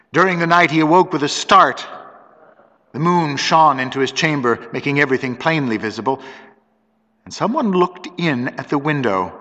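A man's voice: mid-range voice, pushed and bright. A man narrates a story in a dramatic, varied reading. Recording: dull lo-fi recording with long hall reverb.

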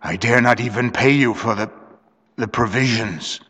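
A man voicing a pitiful old castaway in a storybook reading, speaking in a hushed, broken, pleading way, with long reverb. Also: medium pitch, moderate pace, slightly rough.

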